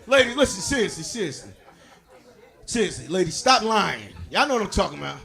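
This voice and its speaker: High, gravelly, boisterous male comic. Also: sing-song, brisk. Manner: boisterous, laughs through his lines, shouts punchlines; talks straight to the audience. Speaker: stand-up comedian. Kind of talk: stand-up comedy routine. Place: comedy stage before a live audience.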